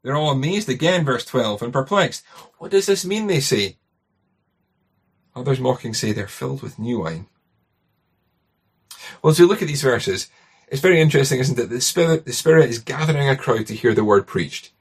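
A man's voice: mid-range voice, animated, brisk, breathy edge. A man with a Scottish accent preaching a sermon in a conversational way, often tagging his points with rhetorical questions.

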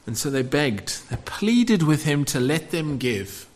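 Male preacher, sermon delivery, slightly high voice with lots of rise and fall. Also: normal speed, few pauses. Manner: animated, rhetorical questions to the congregation.

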